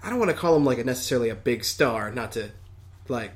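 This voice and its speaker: A man's voice: medium pitch, lively intonation, quick pace. A man co-hosting a casual chat, hesitant, with many fillers and restarts. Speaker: podcast co-host.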